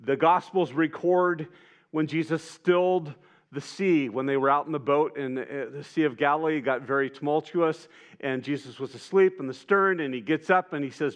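A man preaching a sermon in a conversational, animated way, acting out the lines he quotes. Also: a little high, moderate pace.

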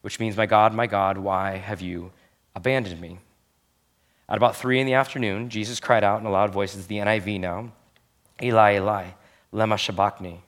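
A young adult man delivering a sermon from the pulpit, his voice sitting a little low. He talks earnestly and with emphasis, drawing out the key phrases. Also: a little fast, fairly bright tone. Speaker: pastor.

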